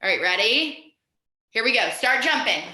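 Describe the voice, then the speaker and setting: Upbeat, bright-voiced woman teacher on a roomy call. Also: on the high side, very animated, moderate pace. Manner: upbeat, encouraging, talks straight to students. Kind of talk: guided mindfulness lesson over video call. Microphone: video call. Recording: roomy echo over a video call.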